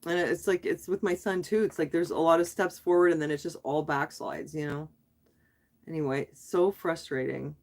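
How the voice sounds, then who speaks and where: A middle-aged woman vents to her live-stream viewers, rambling and restarting as she goes. Her voice sits on the low side for a woman. She sounds frustrated and worn down. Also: fairly even intonation, normal speed. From Canada. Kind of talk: casual live stream chat.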